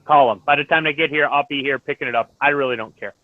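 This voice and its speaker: A man in casual chat who talks things through calmly and gives advice. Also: mid-range voice, fast, dry recording. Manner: calm, reasoning, advice-giving tone. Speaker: stream host. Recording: tinny phone-like line, dry.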